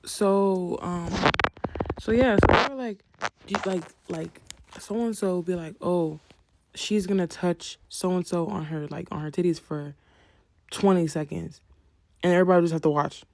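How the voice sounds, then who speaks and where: Soft, hesitant young woman telling a story. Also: fairly low pitch, fairly even intonation, unhurried, background noise. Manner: soft, hesitant, many "like" fillers. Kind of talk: casual storytime.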